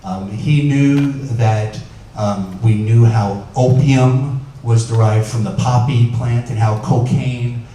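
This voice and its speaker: A man's voice: medium pitch, steady tone, slow pace, mellow, a little hiss or hum. Man lecturing from across an echoey room. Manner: conversational, lots of fillers, asks the audience questions. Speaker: doctor giving a lecture. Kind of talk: informal lecture. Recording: echoey room picked up from a distance.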